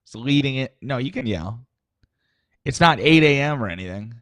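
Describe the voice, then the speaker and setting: Man, co-host, teasing, laid-back, lively pitch, dry sound. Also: moderate pace, dry recording. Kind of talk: casual morning show chat.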